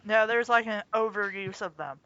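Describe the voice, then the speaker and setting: A speaker in a comedic group reading of fanfiction, halting and filler-heavy, in a dull lo-fi recording. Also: mid-range voice, fairly even intonation, sharp tone. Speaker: guest reader.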